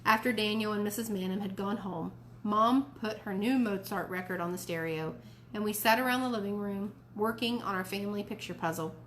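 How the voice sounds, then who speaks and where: A woman reading a children's novel aloud for a library storytime, at a middle pitch. Her telling is clear and expressive. A faint hiss hums behind her. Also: fairly quick.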